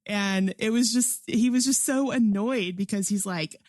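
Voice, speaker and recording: A woman's voice: mid-range voice, measured pace, darkish tone, dry recording, studio quality. A woman co-hosting a podcast, chatting enthusiastically in a casual movie review, full of "like" and frequent laughs. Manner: enthusiastic, chatty, heavy use of "like"; laughs often while talking. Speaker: podcast co-host.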